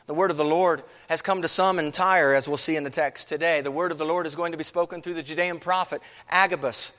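High-voiced preaching man in a reverberant hall. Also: a bit bright. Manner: earnest preaching with many rhetorical questions. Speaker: pastor. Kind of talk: sermon.

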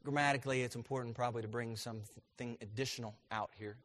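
A man preaching a sermon as pastor, asking his congregation questions and building to loud, emphatic peaks. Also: medium pitch, fairly even intonation, fast.

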